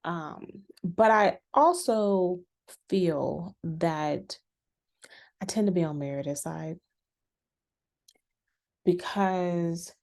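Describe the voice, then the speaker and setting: A woman casually recapping a reality show episode, chatty and animated, with frequent restarts. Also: fairly low pitch, creaky. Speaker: reality TV reviewer.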